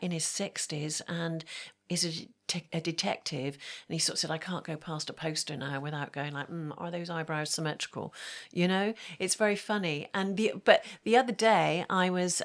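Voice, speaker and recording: A woman make-up artist, chatting as an interview guest and acting out the voices of people in her stories. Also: lowish voice. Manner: chatty storyteller, acts out quoted voices, many fillers. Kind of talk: casual interview chat.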